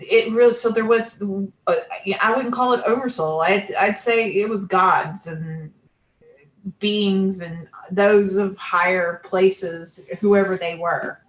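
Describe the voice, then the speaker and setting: A woman in casual conversation who rambles, restarts and fills her sentences with "you know" and "like." Her voice sits at a middle pitch and carries a noticeable room echo. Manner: rambling, many fillers and restarts.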